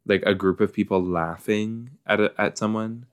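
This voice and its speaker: A man's voice: fairly low pitch, steady tone, normal speed, smooth. A man hosting a casual watch-along podcast, reacting chattily to a show with lots of likes and you-knows. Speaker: podcast host reacting to an episode.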